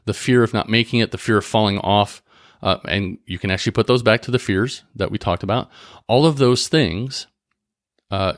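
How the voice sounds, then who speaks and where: A man with a fairly low voice speaks straight to his listeners about facing fear, drawing on his time coaching at a gym. His delivery is earnest and conversational, full of little check-ins. The sound is dry and close, with no room around it. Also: a bit bright, no room sound. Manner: earnest storytelling, frequent "right?" and "okay?". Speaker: host, former gym owner and coach. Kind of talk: casual motivational talk.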